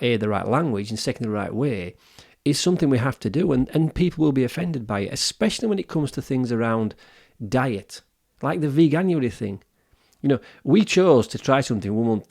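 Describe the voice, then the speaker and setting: A gravelly-voiced man in his fifties makes his points on a wellbeing podcast. His pitch sits mid-range for a man, and he talks earnestly and opinionatedly, often restarting his sentences. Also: expressive, a little fast, few pauses, a little mellow. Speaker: podcast co-host. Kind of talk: casual podcast discussion.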